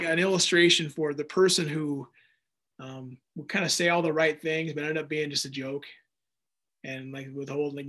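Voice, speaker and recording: Brief: male pastor in his thirties, high-pitched voice, lively storytelling sermon delivery. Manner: animated storyteller, acts out dialogue in raised voice. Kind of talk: sermon with personal stories.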